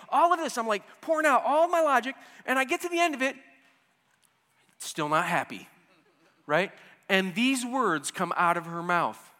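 A man in his fifties telling a humorous personal story, swinging between hushed asides and loud excited bursts. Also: extremely high pitch, moderate pace. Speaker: storyteller speaking to an audience. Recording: hall with long reverb.

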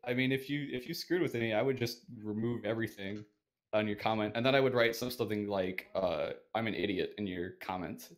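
Male podcast guest, lower register, hesitant rambling storyteller. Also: brisk. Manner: rambling, hesitant, with many fillers. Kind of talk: casual storytelling.

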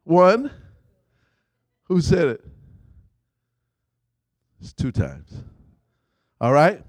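Man preaching, high voice swooping all over, call and response stuff, dry close sound. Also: drawn-out words, dry recording. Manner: call-and-response, prompting the congregation with "what?"; animated, rising to shouts. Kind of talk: sermon.

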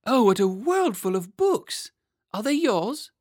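A man's voice: sits high, normal speed, dry recording, clean studio sound, pitched above the performer's own voice, exaggerated voice. A man voicing an eager, curious young boy king in a storybook reading. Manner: excited, chirpy.

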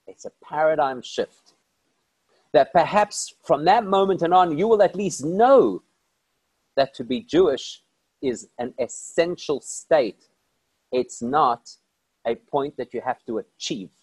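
A man speaking as a rabbi, telling stories in an animated, emphatic way and asking rhetorical questions. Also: a little high, slow pace, slightly rough, no echo. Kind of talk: inspirational storytelling talk.

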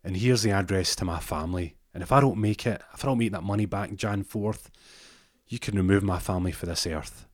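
A man's voice: low voice, fairly quick, dry recording, studio quality. A man voicing a deluded stoner man who believes he is Santa, talking in a rambling, grandiose way.

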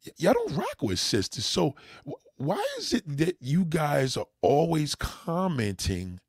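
A man's voice: fairly high pitch, huge pitch swings, a little slow, breathy edge, dry recording, clean studio sound. A man with a New York accent hosting a livestream, talking emphatically and addressing his viewers directly. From New York City. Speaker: livestream host. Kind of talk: opinionated livestream rant.

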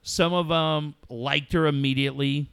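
A middle-aged man hosting a radio talk show, speaking about a personal loss in a heartfelt, halting way and swearing freely. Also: on the high side, steady tone, vocal fry, fairly bright tone, clean tone, no room sound, studio quality. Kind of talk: emotional casual talk.

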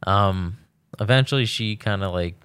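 A man's voice: lowish voice, normal speed, a bit bright, clear, resonant tone. A man co-hosting a podcast, telling stories in a laid-back casual chat with lots of fillers. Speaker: podcast co-host.

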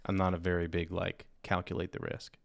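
A man's voice: deep voice, completely flat delivery, brisk, vocal fry, dry recording, studio quality. A man in his thirties, a podcast guest chatting casually in a laid-back, rambling way. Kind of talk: casual chat.

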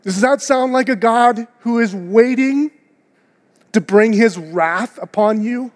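A high-pitched man delivers an earnest, conversational sermon to his church, asking his listeners one rhetorical question after another. His voice rings out with a long reverb, as in a large church hall. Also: slow pace. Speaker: pastor. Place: church auditorium.

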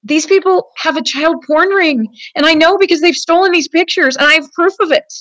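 A woman's voice: very high-pitched, a little fast, a bit bright, no echo. Earnest woman telling her story, dry sound. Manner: earnest, rambling storytelling with many fillers. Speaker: interview guest. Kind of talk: personal account in a conversation.

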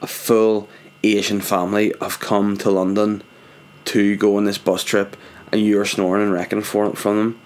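A man quoting an annoyed woman who hushes and scolds her partner. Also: lowish voice, little pitch movement, normal speed, lightly acted. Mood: scolding.

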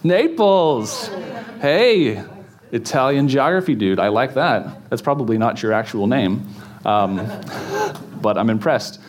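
A man's voice: fairly low pitch, moderate pace, crowd noise. Chatty male pastor, joking with congregation. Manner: chatty, joking, many fillers and restarts. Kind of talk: casual sermon teaching. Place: church in front of a congregation.

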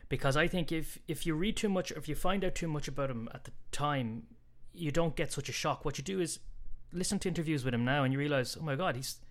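A man's voice: fairly high pitch, fast, hardly any pauses, fairly bright tone. A man chatting casually as a podcast co-host about sports, talkative and fond of telling jokes. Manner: chatty, tells jokes with put-on voices.

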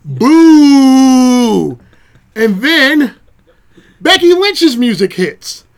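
A man hosting a comedy podcast, telling a sarcastic and animated rant. His voice sits high with a bright edge. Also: moderate pace. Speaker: podcast host.

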